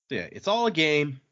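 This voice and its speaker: A man's voice: fairly high pitch, sharp tone, highs cut off. A man hosting a podcast, casually recapping a novel's chapters with fillers and a loose, chatty manner. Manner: rambling, with fillers and laughs, acting out quotes. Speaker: podcast host.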